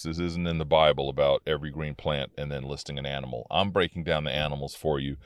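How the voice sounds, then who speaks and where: Deep-voiced man preaching from his car. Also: no echo, studio quality. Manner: earnest, conversational preaching, reads scripture aloud then breaks it down. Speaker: minister. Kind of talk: informal Bible teaching podcast. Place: inside a parked car.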